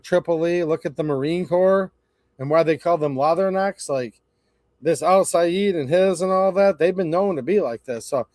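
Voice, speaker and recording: A man's voice: fairly high pitch, darkish tone, no room sound. A man hosting a casual livestream, talking in a sarcastic, rambling, mocking way. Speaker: channel host.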